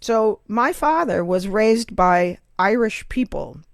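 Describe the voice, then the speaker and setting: A middle-aged American woman hosting a podcast, telling stories in a lively, blunt way and swearing freely. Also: medium pitch, slow, gravelly, no echo, studio quality. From United States. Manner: animated storyteller, swears freely. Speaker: podcast host. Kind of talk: casual podcast chat.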